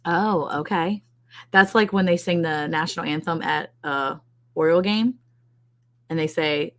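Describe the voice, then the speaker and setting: A chatty woman co-hosting a casual ranch livestream, her voice sitting a bit low for a woman. She laughs easily and keeps reading out comments from viewers in a relaxed, joking way. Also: normal speed.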